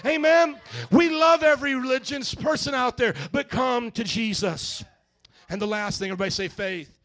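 A middle-aged male pastor preaching a sermon, calling out to the congregation and rising to shouts. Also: extremely high pitch, moderate pace. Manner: call-and-response, rising to shouts.

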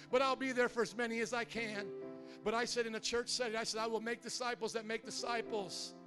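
High-voiced impassioned male pastor. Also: steady tone, quick pace. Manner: impassioned preaching, rising into loud prayer. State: near tears. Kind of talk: sermon. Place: church. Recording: music playing under the voice.

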